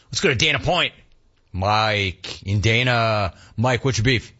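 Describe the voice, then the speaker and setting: A middle-aged man hosting a sports talk radio show, ranting in an animated, sarcastic way. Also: on the low side, measured pace, lo-fi sound.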